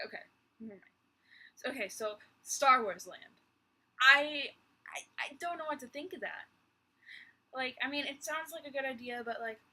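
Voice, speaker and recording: A woman's voice: a little high, sharp tone, rough recording. A young woman vlogging from her bedroom in a rambling, exasperated chat full of sighs and little laughs. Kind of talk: casual chat.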